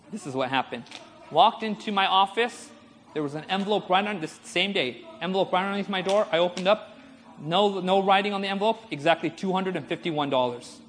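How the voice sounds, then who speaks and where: Bright-voiced man preaching in a reverberant hall. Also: high voice, a little hiss or hum. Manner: storytelling, animated, asks audience for amens. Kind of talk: sermon.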